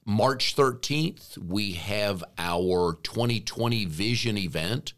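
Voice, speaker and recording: A man's voice: lowish voice, lively intonation, takes it slowly, fairly bright tone. A man co-hosting a business coaching podcast, chatting casually with an easygoing, jokey manner.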